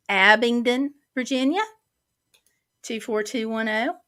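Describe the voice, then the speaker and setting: A woman's voice: high voice, bright, forceful tone. A woman hosting a casual livestream from her home office, chatting in a rambling, easily sidetracked way. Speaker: livestream host.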